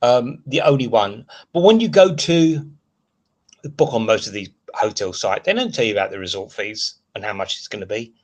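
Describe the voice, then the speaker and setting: A man's voice: lowish voice, animated, normal speed. A man hosting a casual live stream. He rants in a frustrated, rambling way and reads out chat comments as he goes. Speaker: livestream host.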